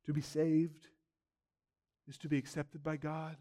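High-voiced man preaching a sermon. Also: level tone, a little slow, warm tone. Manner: emphatic preaching with repeated phrases. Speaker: pastor.

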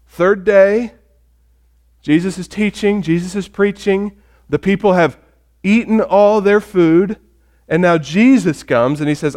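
A man preaching a sermon to a congregation, animated, asking them questions and acting out the people in the story, dropping from loud emphasis to near quiet. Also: high-pitched, measured pace. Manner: animated, acts out quoted voices, shifts between loud emphasis and quiet; talks with the congregation, asks questions. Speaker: pastor.

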